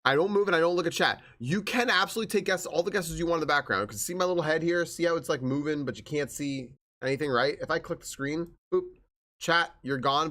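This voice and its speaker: A man's voice: a little high, fairly bright tone. A young man live-streaming a game, chatting in an upbeat way and greeting his viewers one after another.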